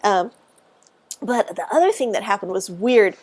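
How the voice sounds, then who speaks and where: A middle-aged woman, a guest author, telling stories on a casual podcast, animated and laughing often as she restarts her sentences. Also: mid-range voice, moderate pace.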